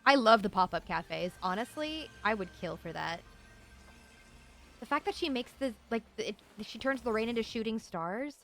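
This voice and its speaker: A young woman streaming a video game, gushing and excitable, swearing as she reacts. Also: on the high side, normal speed, faint music behind. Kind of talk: casual live-stream commentary.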